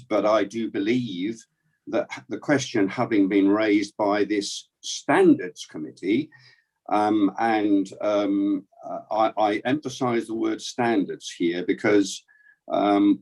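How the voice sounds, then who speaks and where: A man speaking as a councillor in a formal committee debate over a video call, measured and hesitant with many fillers. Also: on the low side, a little mellow. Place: remote council meeting.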